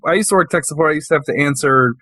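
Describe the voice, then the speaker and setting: A man's voice: a little high, racing, pushed and bright, dry recording. A man playing a tabletop game over a video call, teasing the others and swearing often. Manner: teasing, laughing, lots of swearing. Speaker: player.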